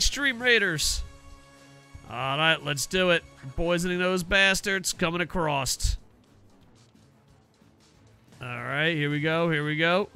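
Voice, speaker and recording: A man streaming a video game, chatting to viewers in excitable, profane, jokey banter. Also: a little high, a little slow, faint music behind. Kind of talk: casual game streaming commentary.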